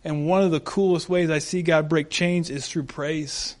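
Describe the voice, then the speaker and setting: A male pastor giving a sermon, animated and humorous, acting out the scenes he describes. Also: on the high side, normal speed.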